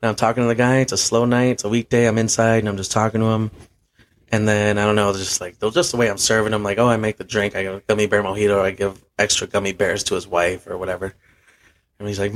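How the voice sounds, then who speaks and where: A man's voice: lowish voice, flat delivery, fast. A young man, a bartender and podcast host, telling a rambling story in casual, profane chat and laughing at himself.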